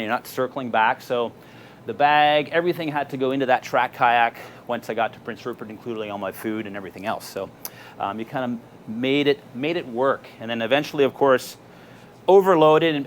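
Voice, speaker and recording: A man's voice: medium pitch, fairly bright tone, slight background noise. A middle-aged Canadian man giving a casual talk to an audience, telling stories with lots of fillers. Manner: casual storytelling with many fillers. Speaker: presenter. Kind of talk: live talk with slides. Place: marina event space with audience.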